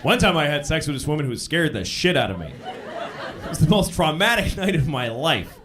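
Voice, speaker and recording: A man tells crude, self-deprecating jokes in a loose, conversational stand-up delivery. His voice sits high and swings widely in pitch. A live audience laughs around him. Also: big pitch swings, fairly quick, crowd noise. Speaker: stand-up comedian. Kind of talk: stand-up routine.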